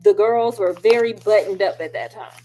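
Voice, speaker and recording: A woman's voice: mid-range voice, normal speed, mellow, slight background noise. A woman reviewing a film in a casual, sassy, chatty way. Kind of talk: casual chat.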